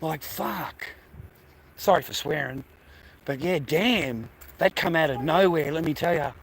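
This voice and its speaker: A man's voice: fairly high pitch, a little slow, breathy edge, poor audio. A middle-aged Australian man vlogging in a profane, rambling, blokey way and laughing often. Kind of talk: casual rambling monologue.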